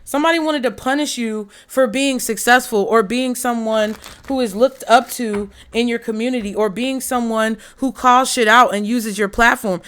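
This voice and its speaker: A woman giving a casual tarot reading to camera, talking in a blunt, profane and animated way. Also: fairly high pitch, clear, resonant tone. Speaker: tarot reader.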